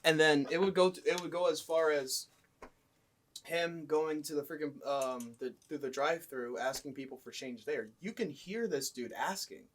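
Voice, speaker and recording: A young man casually telling stories about his fast food job, swearing a lot and acting out the people in loud, high voices. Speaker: guest telling work stories. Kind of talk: casual storytelling chat.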